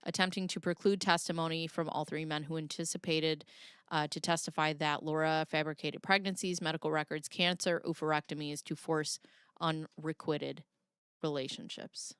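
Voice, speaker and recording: A woman's voice: low-pitched, steady tone, normal speed, fairly bright tone, clean tone, no room sound, studio quality. A woman in her thirties reading court documents aloud on a live stream, breaking off for jokey asides. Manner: chatty, jokey, reads legal text aloud with asides. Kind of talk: casual live-stream commentary.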